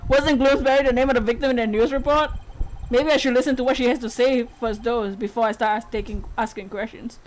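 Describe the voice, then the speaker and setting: A woman voicing an earnest young male defense lawyer, reading game dialogue in a brisk, matter-of-fact way. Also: fairly high pitch, fairly even intonation, a little hiss or hum, pitched below the performer's own voice, lightly acted, rough recording. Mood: curious.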